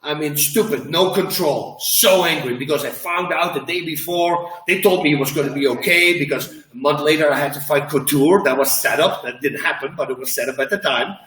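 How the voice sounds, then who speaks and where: A man who is a former fighter, answering interview questions in an emphatic, animated way and acting out quotes as he tells stories. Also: fairly high pitch, a little fast, hardly any pauses, echoey room, distant mic, poor audio.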